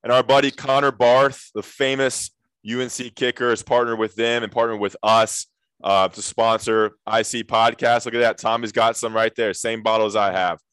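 A man's voice: mid-range voice, little pitch movement, normal speed, fairly bright tone, smooth, no echo. A man hosting a sports podcast, chatting casually with a guest and moving into ad reads. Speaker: podcast host.

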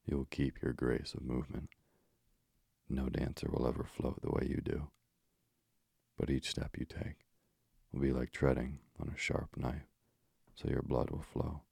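A man voicing a hideous, scornful old sea witch in a storybook reading, with slow, gravelly menace. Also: very deep voice, a little mellow, dry recording, studio quality, exaggerated voice.

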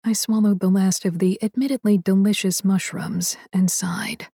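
A woman's voice: medium pitch, steady tone, moderate pace, creaky, warm tone, breathy edge, no room sound. A woman reading a first-person story aloud with a wry, dry touch. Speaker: audiobook narrator. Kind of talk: scripted first-person narration.

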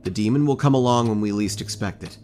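A man's voice: fairly low pitch, slight background noise, close to an everyday voice. A man playing a cautious, patient young man who warns his friends in an audio drama. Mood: calm. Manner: calm, warning, measured.

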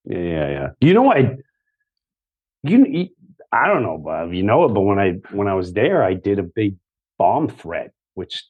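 A man in his fifties from Long Island, a comedian telling a story in casual chat, animated, acting out other people's voices, swearing and laughing often. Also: on the low side, normal speed, husky, phone-quality sound. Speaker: comedian guest.

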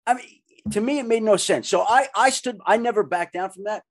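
A man hosting a sports podcast, talking in an animated, emphatic and excitable way. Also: sits high, fairly quick. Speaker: podcast host. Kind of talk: casual sports chat.

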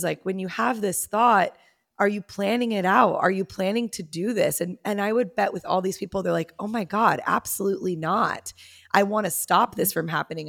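A woman's voice: lowish voice, vocal fry. A woman therapist as a podcast guest, explaining reassuringly with frequent "like" fillers. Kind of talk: casual podcast conversation.

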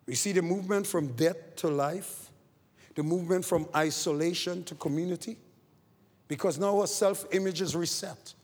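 A man preaching a sermon, swinging between quiet, slow passages and loud, raised lines. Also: breathy edge. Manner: preaching with sweeping rises and falls in pitch and loudness. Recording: long hall reverb.

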